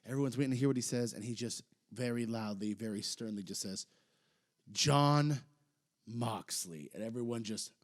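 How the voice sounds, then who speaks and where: A man's voice: medium pitch, fast, hardly any pauses. Male podcast co-host, casual rambling delivery with hesitations. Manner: rambling, hesitant, gets excited. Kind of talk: casual chat recapping wrestling.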